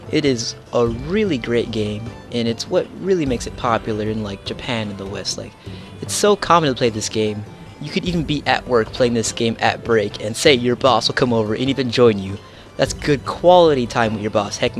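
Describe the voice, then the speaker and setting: A young man hosting a casual gameplay explainer, rambling with many fillers and jokes, over game music. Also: mid-range voice. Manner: rambling, filler-heavy, jokey. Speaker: gaming channel host.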